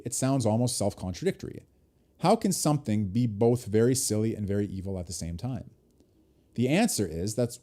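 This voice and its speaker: A man hosting a livestream, reading an article aloud at an even pace and stopping now and then for short asides of his own. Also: on the low side. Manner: reads text aloud, breaking off for brief asides.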